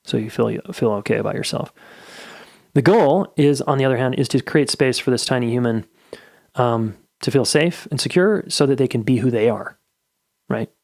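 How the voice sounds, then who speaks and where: A man's voice: mid-range voice, moderate pace, creaky, a little mellow, dry recording, clean studio sound. A middle-aged man hosting a podcast, giving candid, blunt advice in a casual solo monologue and swearing freely. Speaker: podcast host.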